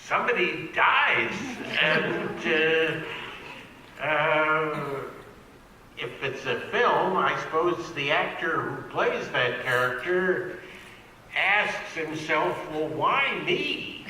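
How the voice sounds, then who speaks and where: A man speaks as a convention panel guest, feeling his way through his answer with many pauses and hesitations. His voice is slightly high and sharply bright. The sound echoes through a big hall with a long reverb tail and a faint hiss underneath. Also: animated. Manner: halting and thoughtful, many hesitations. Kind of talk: answering a fan question on a panel.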